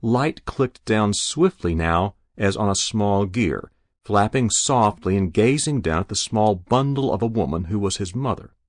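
Slow, expressive low-voiced male narrator. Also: no room sound, studio quality. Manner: measured, expressive storytelling. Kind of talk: literary fiction reading.

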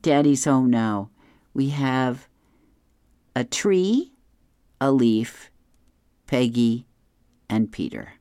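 Very deep-voiced woman reading comics aloud. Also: lively intonation, extremely slow, long pauses, mellow, dry recording, clean studio sound. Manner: describes panels, chuckles. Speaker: reader of newspaper comics.

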